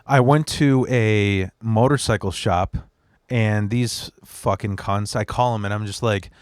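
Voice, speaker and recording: A man's voice: lowish voice, a little slow, clean tone, no room sound, studio quality. A man, a standup comedian, telling long, profane stories as a guest on a podcast. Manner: profane, rambling anecdotes. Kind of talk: casual podcast storytelling.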